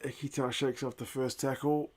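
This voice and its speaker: A man hosting a live rugby watch-along, giving chatty play-by-play that bursts into loud, excited shouts and mild swearing. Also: mid-range voice, normal speed, husky. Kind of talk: live sports reaction commentary.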